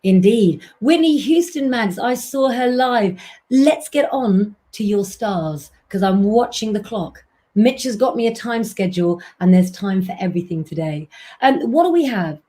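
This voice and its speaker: Chatty woman astrologer, mellow voice. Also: mid-range voice, lively intonation, measured pace. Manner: chatty, keeps addressing viewers as "guys". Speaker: astrologer and tarot reader hosting a live stream. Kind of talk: chatty live-stream talk with readings.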